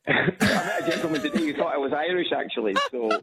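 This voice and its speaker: A man from Edinburgh with a Scottish accent, calling in to a radio show on a speakerphone, talking haltingly with lots of restarts. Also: fairly high pitch. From Scotland. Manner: halting, with many restarts and fillers. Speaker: caller. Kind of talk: radio call-in chat. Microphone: phone on loudspeaker. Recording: tinny phone line with faint hiss.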